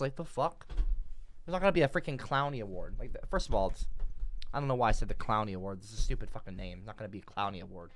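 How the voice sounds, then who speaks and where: Male streamer, middle pitch, rambles and swears at chat, dead-dry close mic. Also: lively intonation, fast talker, dry recording. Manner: rambling, profane, exasperated ranting. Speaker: live streamer. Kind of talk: casual live-stream chat reading.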